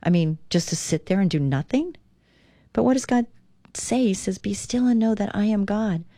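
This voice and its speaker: A woman's voice: medium pitch, normal speed, dark tone, no echo, studio quality. A woman hosting a devotional talk radio show, reading aloud and speaking in an earnest, encouraging, conversational way.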